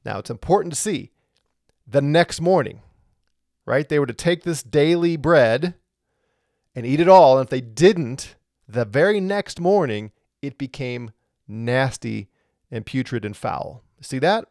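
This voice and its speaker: A man's voice: medium pitch, animated, unhurried, darkish tone, dry recording, studio quality. A man teaching through a Bible passage verse by verse, explaining step by step and asking rhetorical questions, with a lingering cough.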